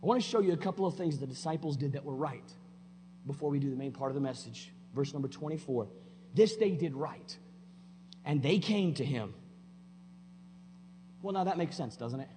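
A man with a fairly high voice preaches a sermon in a church. He is folksy and plainspoken, rising to loud emphatic declarations and dropping to quiet asides. His voice rings in the long reverb of the hall over a faint hum. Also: animated, normal speed, long pauses. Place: church sanctuary.

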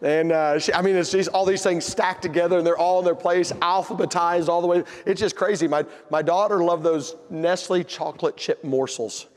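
A man telling a humorous family story in a sermon, folksy and animated. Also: sits high, moderate pace, hardly any pauses, big-room sound. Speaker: pastor.

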